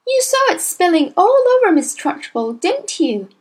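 A woman's voice: extremely high pitch, sing-song, normal speed, voice pushed up. A woman reading a storybook aloud, voicing an earnest little schoolgirl with eager, pleading urgency.

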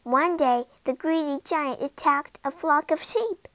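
A woman voicing a small, gentle female fairy who gives solemn warnings in a storybook. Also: sits high, a little slow, no room sound, voice pushed up. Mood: grave. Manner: warning, sighing softly.

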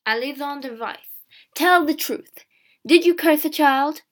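A woman reading a slow, careful magistrate. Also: high-pitched, pitched above the performer's own voice. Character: calm middle-aged male magistrate, careful, kind.

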